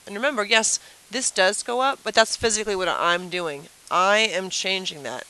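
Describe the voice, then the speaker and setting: A woman's voice: mid-range voice, moderate pace, sharp tone, low-quality recording. A woman teacher giving a chatty review lesson at a whiteboard, asking the class questions and explaining with playful everyday comparisons.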